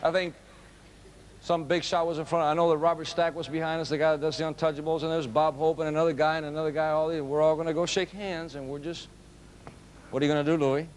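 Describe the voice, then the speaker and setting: A man giving a motivational storytelling speech to a live audience, animated and emphatic. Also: on the high side, fast, slight background noise. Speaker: motivational speaker.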